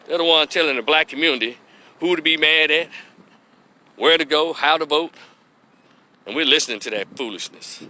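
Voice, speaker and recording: Blunt, bright-toned man. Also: a little high, moderate pace, pauses often. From Memphis, Tennessee, US. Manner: blunt, preachy, salty language, folksy. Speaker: opinion vlogger, social worker. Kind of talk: opinionated commentary monologue.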